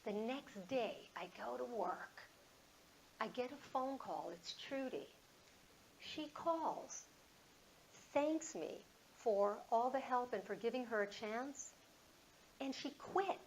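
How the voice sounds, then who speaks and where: Woman in her 50s doing a motivational talk, gravelly voice pitched a bit high, chatty storytelling. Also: takes it slowly, slight background noise, low-quality recording. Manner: conversational, animated, acts out dialogue. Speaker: motivational speaker.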